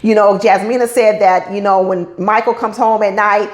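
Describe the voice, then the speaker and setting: A woman's voice: mid-range voice, steady tone, normal speed, echoey room. A woman giving a casual, opinionated recap of a reality show, scolding the cast directly.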